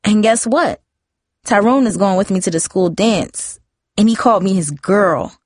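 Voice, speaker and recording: A woman's voice: mid-range voice, moderate pace, darkish tone, no room sound, studio quality, natural voice. A woman voicing a defiant, pushy teenage girl in a storybook reading. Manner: pouty, confrontational teen voice.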